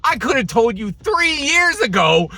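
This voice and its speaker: A man hosting his own channel, ranting with an exasperated, sarcastic edge. His voice sits high and swings widely up and down. The tone is bright and a little husky. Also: very animated, a little slow, dry recording. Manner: exasperated, sarcastic, laughs between lines. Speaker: channel host. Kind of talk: ranting commentary.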